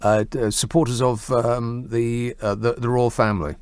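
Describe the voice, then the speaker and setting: A man's voice: medium pitch, flat delivery, normal speed, darkish tone, clean tone, no echo. A man hosting a late-night radio phone-in, dry and teasing as he takes calls. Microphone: studio mic.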